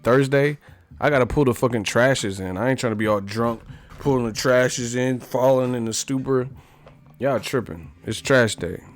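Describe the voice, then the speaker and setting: A male live-stream host riffs on his chat in a loose, joking way. He swears freely and laughs often, and his voice sits at an ordinary middle pitch. Faint music plays behind him. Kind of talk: casual chat.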